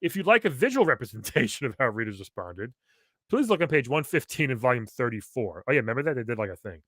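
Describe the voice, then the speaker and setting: Comedy co-host, male, mid pitch, wry and teasing, very expressive, dry close sound. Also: fast, dry recording. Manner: wry, teasing, reads aloud. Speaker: podcast co-host. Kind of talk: comedic magazine read-along chat.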